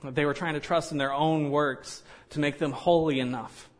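A man's voice: a little high, steady tone, normal speed. A man preaching a sermon in a conversational way, with joking asides and frequent "you know".

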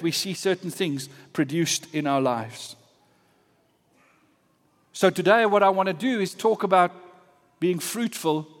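Earnest man preaching in a reverberant hall. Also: high voice. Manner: earnest, emphatic preaching with varied pace. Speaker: pastor. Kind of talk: sermon.

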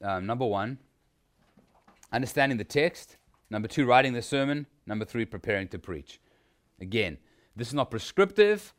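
A man's voice: medium pitch, sing-song, normal speed, long pauses. A man, teaching a workshop on sermon preparation in a conversational way, with frequent restarts and rhetorical questions. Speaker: preacher teaching a preaching workshop. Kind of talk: informal teaching talk.

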